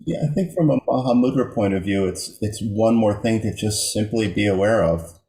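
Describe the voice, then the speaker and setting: A man explaining meditation over a video call, calm and posing questions. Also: on the low side, moderate pace. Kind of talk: explaining in group discussion. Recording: echoey room on video call.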